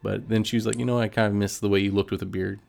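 A man's voice: on the low side, level tone, rapid-fire, gravelly, darkish tone, soft background music. A man co-hosting a podcast in casual chat, easygoing and a bit hesitant, chuckling now and then. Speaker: podcast co-host.

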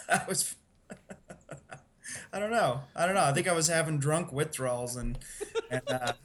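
A man's voice: fairly high pitch, moderate pace, a crowd in the background. A man, a guest on a podcast, telling stories casually and laughing through them. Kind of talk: casual storytelling.

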